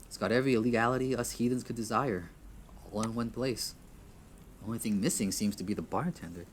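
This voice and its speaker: A man with a fairly low voice reads the text of a visual novel aloud. He often trips over words, restarts his lines and chuckles at his own slips. A faint background hiss sits under the whole recording. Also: fast talker. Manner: stumbles, restarts, chuckles at himself. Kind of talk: reading game text aloud with asides.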